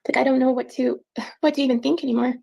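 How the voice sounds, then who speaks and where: A woman giving an emotional personal account in an interview, halting and repeating words as she speaks. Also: high-pitched, steady tone, gravelly, darkish tone, rough recording.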